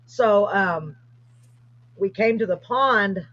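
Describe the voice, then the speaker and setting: A woman's voice: mid-range voice, slow. A woman, hosting and animatedly telling a story in a casual chat. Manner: animated, excited retelling. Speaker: host. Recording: dull lo-fi livestream audio.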